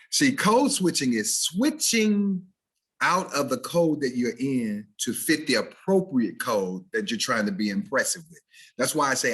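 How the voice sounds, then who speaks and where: Husky Southern man teaching diction. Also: medium pitch. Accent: Southern American. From Southern United States. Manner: animated, switches into dialect examples for contrast. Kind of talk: recorded video-call presentation. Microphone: video call.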